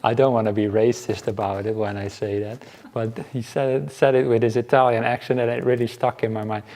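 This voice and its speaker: A Buddhist monk gives an unhurried talk at a meditation retreat. His voice sits at an ordinary middle pitch for a man. He speaks in a casual, easygoing way, with halting pauses and frequent soft chuckles. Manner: relaxed and conversational, chuckles often.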